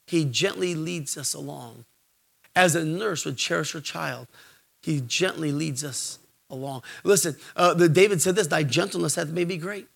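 A middle-aged man preaching a sermon, animated, swinging from shouts to hushed asides and jokes. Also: sits high, creaky.

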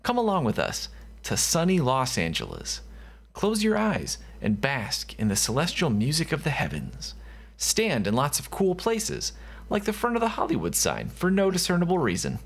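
A man's voice: fairly high pitch, huge pitch swings, moderate pace, husky. A man hosting a podcast, reading a playful, mock-grand scripted intro. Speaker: podcast host.

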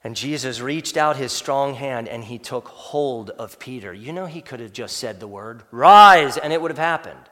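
A man's voice: mid-range voice, normal speed, few pauses, a bit bright. A man preaching a sermon as pastor, talking conversationally and often addressing listeners as folks. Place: church sanctuary. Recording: long hall reverb.

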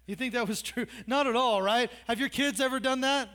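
A pastor with a strikingly high voice preaches in a loose, conversational style. He drops joking asides and teases his congregation between points. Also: expressive, brisk, hardly any pauses, a bit bright. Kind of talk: sermon.

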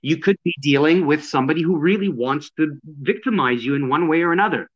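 A man's voice: a little high, brisk, fairly bright tone, breathy edge. Man, self-defense instructor, casual talk, blunt, emphatic, swears a lot, dull lo-fi sound. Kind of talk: casual podcast conversation.

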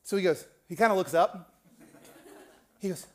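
Animated male preacher telling a story. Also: sits high, unhurried, pauses often. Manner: animated, acts out the people in his stories. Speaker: pastor. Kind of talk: sermon with storytelling.

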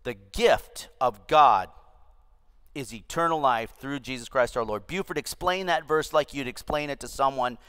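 A man's voice: medium pitch, normal speed, a bit bright, smooth. An older man, a pastor, teaching a discipleship class with emphatic repetition, in an echoey church room. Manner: emphatic, repeats key phrases.

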